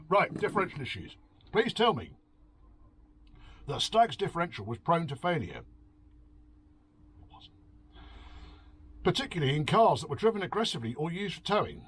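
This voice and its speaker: Sweary sarcastic man, lively pitch. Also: moderate pace, gravelly, long pauses, breathy edge. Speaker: host. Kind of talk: drunken rambling review. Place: home, drinking beer.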